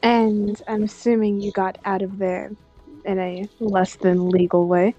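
A courteous gentleman doctor, played by a woman who hesitates with small "uh"s. The tone is mellow, and the recording is dull and muffled. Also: medium pitch, little pitch movement, a little slow, soft background music, lightly acted. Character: polite, formal male doctor offering help.

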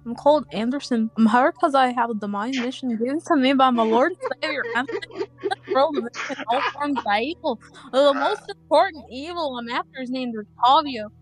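Zealous male priest with a put-on Scottish accent, solemn, halting, as a woman voices him. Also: high-pitched, lightly acted, low-quality recording. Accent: attempted Scottish. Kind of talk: tabletop role-play.

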